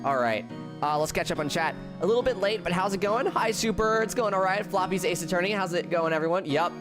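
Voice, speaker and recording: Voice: medium pitch, lively intonation, fast talker. Chatty game streamer over music. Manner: chatty, laughing, self-interrupting. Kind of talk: casual game stream commentary.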